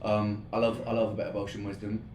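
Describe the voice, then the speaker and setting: A man's voice: fairly low pitch, completely flat delivery, fast talker, darkish tone. A man hosting a live stream, chatting casually in a rambling, laughing way with plenty of swearing, and sweating from the heat. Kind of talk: casual chat. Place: indoor room, streaming setup. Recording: echoey room with faint ambient noise.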